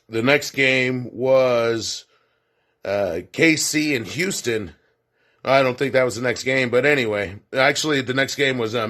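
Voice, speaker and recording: Male co-host, mid-pitched, loose rambling football talk with filler asides. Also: a bit bright. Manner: rambling, self-correcting, folksy asides. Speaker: sports show co-host. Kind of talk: casual sports commentary segment.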